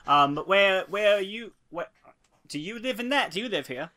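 A man's voice: high voice, animated, normal speed, bright, forceful tone. A man voicing the Doctor, a cheerful eccentric male time traveller who chats and rambles playfully. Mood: curious. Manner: chatty and rambling.

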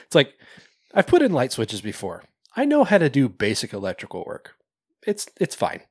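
A man's voice: mid-range voice, wildly swooping pitch, moderate pace, slightly rough, no echo, clean studio sound. A man hosting a podcast in casual chat, rambling, swearing and laughing often. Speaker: podcast host.

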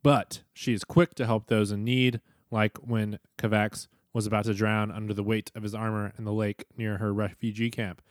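A man hosting a casual podcast, upbeat and quick to laugh. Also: fairly low pitch, little pitch movement, dry recording, clean studio sound. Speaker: podcast host.

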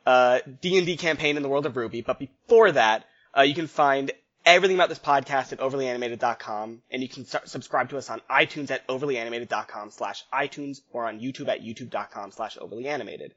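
A man hosting a tabletop game podcast as game master, talking in a relaxed, rambling way and laughing often. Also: medium pitch, quick pace. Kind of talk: casual podcast chat. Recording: dull lo-fi audio.

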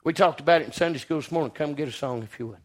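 Folksy preacher, higher voice. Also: male voice, rapid-fire. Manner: folksy storytelling with sudden loud rises. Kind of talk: sermon.

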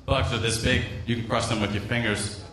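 A man's voice: mid-range voice, fairly even intonation, fairly quick, fairly bright tone, soft background music. A man doing a rambling, profane stand-up set, teasing the crowd on a club stage. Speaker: stand-up comedian. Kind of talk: open-mic stand-up set. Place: comedy club stage with live audience. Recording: echoey room, voice a bit far from mic.

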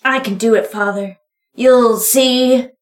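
A woman's voice: a little high, fairly even intonation, slow. A woman playing in a tabletop game, eagerly chatting in character and describing her moves. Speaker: player. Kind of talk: tabletop role-play. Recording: roomy echo.

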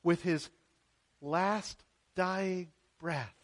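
A man's voice: high-pitched, lively intonation, measured pace, pauses often. A man pastor preaching a sermon in a church, earnest and emphatic, posing rhetorical questions to his congregation.

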